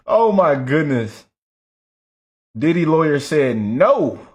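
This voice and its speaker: A man hosting a casual reaction video, chatty and animated. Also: fairly high pitch, measured pace. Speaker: reaction host.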